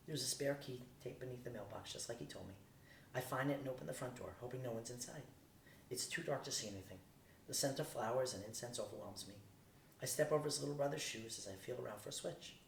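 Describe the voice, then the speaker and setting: In a gravelly voice, an audiobook reader delivers a novel evenly and without flourish. The mic is set back from him in a spacious room, and a low rumble hums faintly underneath.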